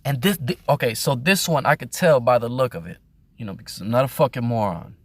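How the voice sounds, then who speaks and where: A man talks at a middling pitch in a loose, rambling way, swearing freely and breaking into laughter. His voice sits dry and close, with no echo around it. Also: brisk. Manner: rambling, profane, laughs often. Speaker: host. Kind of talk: casual vlog commentary.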